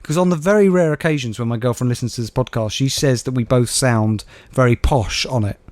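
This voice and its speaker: A man's voice: medium pitch, brisk, a little mellow, dry recording. A young man co-hosting a podcast, riffing sardonic jokes in casual chat. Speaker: podcast co-host.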